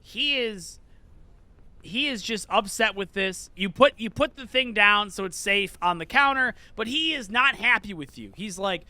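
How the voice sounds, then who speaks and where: A man's voice: sits high, expressive, measured pace, pushed and bright, no echo. A man narrating a comedic tabletop game as dungeon master, rambling and jokey with many restarts.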